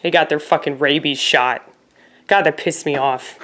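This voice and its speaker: A woman's voice: low voice, steady tone, normal speed, a bit bright. A woman vlogger talking casually to her viewers, rambling and swearing, with lots of fillers. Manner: rambling, profane, filler-heavy. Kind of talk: casual rambling monologue to camera.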